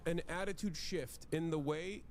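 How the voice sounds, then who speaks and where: A man in a played stream clip, explaining his view in a halting, lecturing way. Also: fairly high pitch, soft background music. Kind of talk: explaining, casual.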